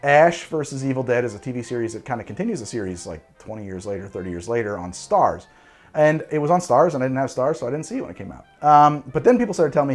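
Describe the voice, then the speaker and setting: A man in his forties hosting a cocktail show, talking casually to camera in an animated, digressive and jokey way. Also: mid-range voice, fast, faint music behind.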